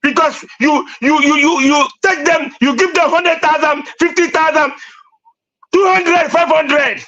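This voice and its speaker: A man's voice: extremely high pitch, fairly even intonation, measured pace, sharp tone, highs cut off. A man with a Nigerian accent debating on a live stream, ranting insistently and repeating himself. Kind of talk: heated debate.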